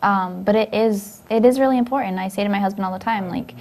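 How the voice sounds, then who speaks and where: A woman's voice: mid-range voice, quick pace, darkish tone. A young woman co-hosting a casual talk show, chatting in a reflective, easygoing way. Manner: chatty, reflective, laughs easily. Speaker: co-host. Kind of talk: casual chat.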